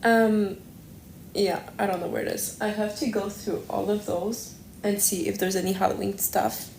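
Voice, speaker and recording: A woman's voice: mid-range voice, fairly even intonation, normal speed, vocal fry, darkish tone. Rambling woman livestreaming in an echoey room. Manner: rambling, self-correcting, thinking aloud. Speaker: livestream host. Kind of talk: casual livestream chat. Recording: echoey room with faint background noise.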